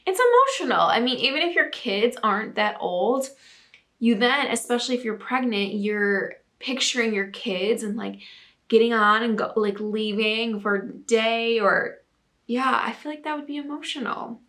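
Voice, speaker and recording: A woman's voice: a little high, normal speed, fairly bright tone. A young woman hosting a casual talk segment, bubbly and chatty with lots of filler words. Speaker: host reading viewer submissions. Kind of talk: casual chat and reading aloud.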